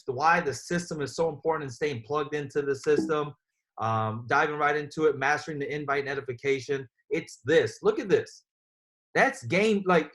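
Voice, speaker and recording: A man hosting a sales training call, energetic and coach-like, talking straight to his team. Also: fairly high pitch. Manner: energetic, coach-like, talks to listeners as guys.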